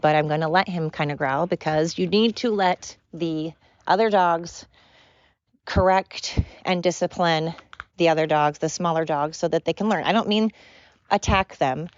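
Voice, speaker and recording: Woman rambling on her solo podcast, kinda low voice, dry dull lo-fi sound, repeats stuff a lot. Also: moderate pace, no echo. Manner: rambling, earnest, repeats herself. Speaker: podcast host.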